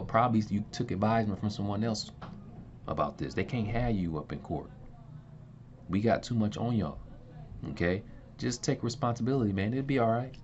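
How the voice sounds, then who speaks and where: A man's voice: lowish voice, a little mellow. A man hosting his own channel, ranting heatedly at someone, swearing and repeating himself as he talks. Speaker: channel host. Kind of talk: angry video rant. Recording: dull lo-fi sound with faint noise.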